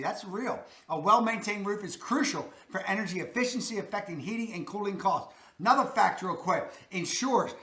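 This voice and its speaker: His high-pitched voice sounds pushed and bright, and the recording is reverberant. This Baltimore-accented man hosts a real estate video, talking directly to viewers with folksy, emphatic advice and a repeated "that's a fact."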